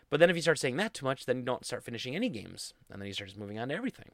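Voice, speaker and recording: A man's voice: medium pitch, big pitch swings, rapid-fire, few pauses, a bit bright, no echo. A young man hosting a casual solo podcast, rambling in a goofy, self-deprecating way into a studio mic. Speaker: podcast host.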